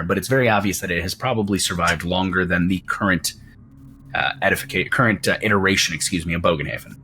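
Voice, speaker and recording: A man running a tabletop game as game master, narrating in a relaxed, joking way. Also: sits low.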